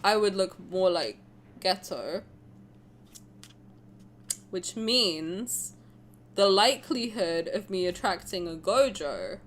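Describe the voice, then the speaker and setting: A woman's voice: mid-range voice, animated, slow pace, pauses often, slight background noise. A young woman streaming a game, chatting playfully with her chat, teasing and swearing freely. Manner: answers chat messages aloud. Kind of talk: casual livestream chat.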